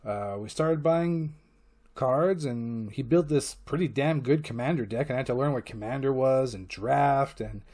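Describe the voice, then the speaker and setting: A man rambles through a casual vlog monologue in a voice of ordinary middle pitch. He swears freely and fills his sentences with uhs and restarts, talking like he's chatting to a friend. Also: measured pace, darkish tone. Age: adult parent. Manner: rambling and profane, heavy with fillers. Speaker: channel host.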